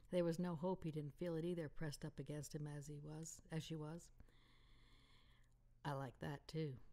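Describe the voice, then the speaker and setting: A woman author reading aloud from her romance novel in a calm, intimate manner. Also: low voice. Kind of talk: audiobook narration.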